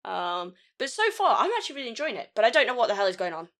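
A woman's voice: on the high side, sing-song, very fast, fairly bright tone. A woman co-hosting a casual podcast chat, rambling and laughing often as she talks. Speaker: podcast co-host.

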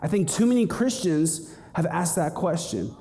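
A young man preaching a sermon in an animated way, acting out little scenes and voices as he goes. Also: fairly high pitch, normal speed. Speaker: pastor. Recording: long hall reverb.

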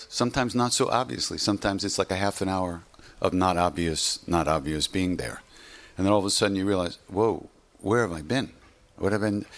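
A man's voice: fairly low pitch, a bit bright. Rambling, conversational male spiritual teacher. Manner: conversational and rambling, frequent "you know". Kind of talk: informal spiritual teaching talk.

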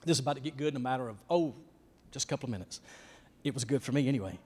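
A man, a youth pastor preaching in a folksy, emphatic storytelling style that swings from hushed to loud. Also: medium pitch, rapid-fire, slightly rough. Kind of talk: storytelling sermon. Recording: long hall reverb.

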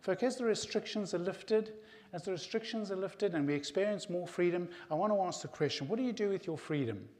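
Middle-aged pastor preaching in a reverberant hall. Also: male voice, sits high, brisk, hardly any pauses, a little mellow. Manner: earnest, addresses the congregation as "folk". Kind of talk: sermon. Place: church hall.

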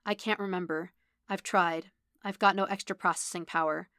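A soft-spoken, guarded male android, read by a woman, talking low and hushed, almost whispering. A gravelly, low voice in a dry, close setting. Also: fairly even intonation, moderate pace, no room sound. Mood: terse, pressing.

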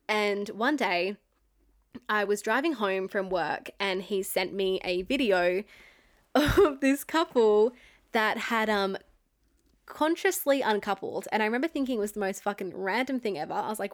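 A woman's voice: mid-range voice, expressive, a little slow. A young woman telling a personal story to camera in a candid, chatty way, with lots of "like" and some swearing. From Australia. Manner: chatty and candid, heavy use of "like", frequent swearing. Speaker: vlogger. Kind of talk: storytime monologue.

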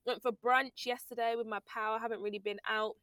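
A woman's voice: fairly high pitch, flat delivery, fairly quick, a bit bright, no echo. A young woman co-hosting a podcast in a casual, laughing chat. She sounds a little congested. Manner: chatty, laughing, teasing. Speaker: podcast co-host.

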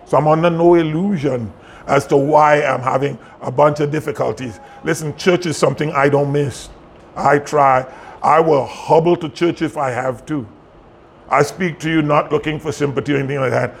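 Gravelly-voiced pastor in his sixties. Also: on the high side, fairly even intonation, moderate pace, slight background noise. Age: 60s. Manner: conversational, jokes with the congregation. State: in pain. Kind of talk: sermon. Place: church sanctuary.

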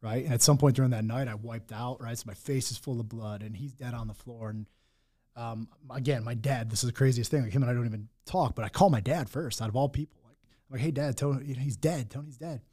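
A man's voice: mid-range voice, fast, warm tone. A young man telling his own hard story in candid talk, blunt and full of swearing and restarts. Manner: raw, blunt, swears often, many restarts.

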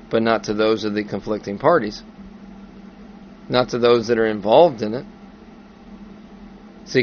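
A man's voice: medium pitch, dull audio, a little hiss or hum. A man preaching a sermon in a conversational way, with asides and restarts. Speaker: pastor.

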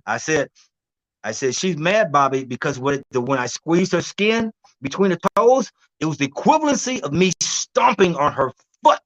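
A man with a notably high voice tells stories with lively energy. He laughs often and acts out the voices of other people. He swings between loud bursts and low, quiet asides. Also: normal speed, poor audio. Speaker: guest herbalist. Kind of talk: animated storytelling interview.

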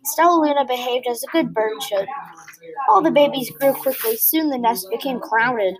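A woman reading a children's picture book aloud in a gentle, expressive way, with small slips. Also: high-pitched, rough recording. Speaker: storybook reader.

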